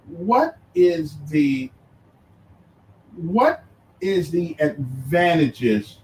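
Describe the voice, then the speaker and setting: Animated radio host, roomy distant sound. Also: male voice, a little high, slight background noise. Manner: animated, halting and repetitive, challenging. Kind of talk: radio debate.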